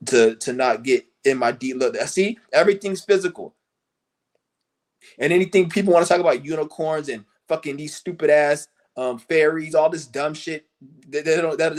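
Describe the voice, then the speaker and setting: A man streaming a furious, cursing rant who mocks the people he criticizes in shrill put-on voices. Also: moderate pace. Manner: angry, cursing, mocking; breaks into high mocking impressions of others. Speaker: livestream host. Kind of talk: profane rant to camera.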